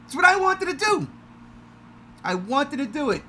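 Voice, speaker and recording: A high, animated man hosting a podcast, often shouting with excitement and then ribbing himself. His voice is bright and his pitch swoops all over. The chat is loose and casual. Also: moderate pace. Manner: loud, energetic, self-mocking. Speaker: podcast host.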